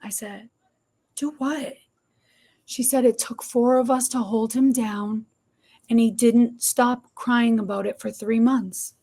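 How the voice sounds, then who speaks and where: A middle-aged woman, a podcast guest telling her story in an animated, expressive way. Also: a little high, slow. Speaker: podcast guest, barber shop owner. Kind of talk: storytelling interview.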